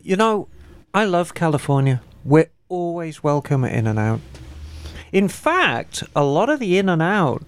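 A woman co-hosting a casual podcast, reading out a listener email with animated, emphatic asides. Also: fairly low pitch, measured pace. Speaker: podcast co-host.

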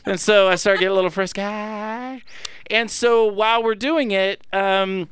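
A man's voice: high-pitched, fairly even intonation, measured pace, fairly bright tone, clean tone, no echo. A man co-hosting a podcast, telling raunchy stories with frequent laughs and bursts of goofy singing. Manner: bawdy, laughs often, breaks into goofy sung bits. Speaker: podcast co-host. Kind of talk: casual banter and storytelling.

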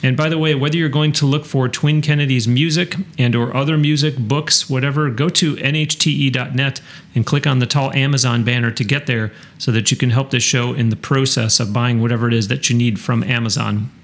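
A man from Western New York hosts a studio podcast interview. He talks in a chatty, rambling way, often restarting his sentences. His voice sits at an ordinary middle pitch. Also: steady tone, fairly quick. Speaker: podcast host. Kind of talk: casual interview and show announcements.

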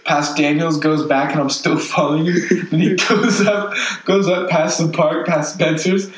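A man's voice: on the high side, steady tone, normal speed. A young man telling a long story in casual, slangy talk, swearing a lot. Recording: echoey room, mic at a distance, faint noise.

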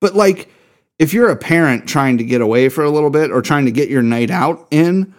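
Heated, animated man ranting. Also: fairly high pitch, brisk. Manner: heated, profane, emphatic. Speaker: podcast co-host. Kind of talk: casual podcast rant.

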